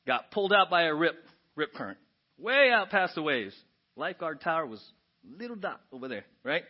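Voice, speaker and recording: A man preaching a sermon as pastor, animated and often asking the congregation "right?". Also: on the high side, moderate pace. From United States. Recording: dull lo-fi church audio.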